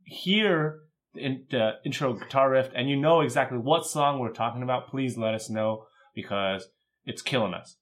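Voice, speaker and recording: A man co-hosting a podcast, chatting casually about music in a relaxed way, with lots of filler words. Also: mid-range voice, moderate pace. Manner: relaxed, thoughtful music commentary with many fillers. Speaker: podcast co-host. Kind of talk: casual chat.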